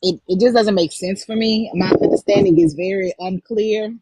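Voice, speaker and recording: A woman's voice: mid-range voice, very animated, moderate pace, creaky, mellow, slightly rough, no room sound, low-quality recording. An older woman co-hosting a live online talk show, speaking bluntly with sarcastic indignation. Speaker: co-host. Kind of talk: casual live-stream commentary.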